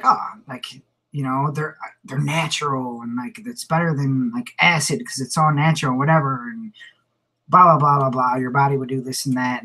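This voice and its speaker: Husky rambling man telling a story. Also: on the high side, fairly bright tone, rough recording. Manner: rambling, repeats words, laughs often. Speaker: vlogger. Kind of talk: casual storytelling to camera.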